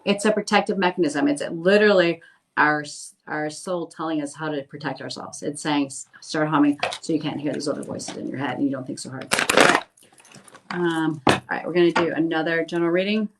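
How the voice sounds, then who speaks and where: A woman's voice: low-pitched, fairly even intonation, fairly quick, heavy background noise. A middle-aged woman, a medium, chatting casually on a phone livestream, reading viewer comments aloud and reassuring them. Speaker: medium doing live readings.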